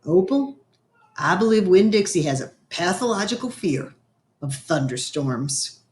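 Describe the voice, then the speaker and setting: A woman doing a sleepy preacher dad, low and slow, calm. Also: reverberant. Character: gentle, sleepy middle-aged male preacher.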